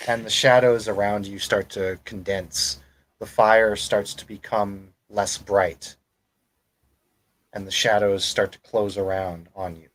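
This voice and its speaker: A man narrating as game master in a tabletop role-playing game, measured and storytelling. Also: on the low side, steady tone, a bit bright, low-quality recording.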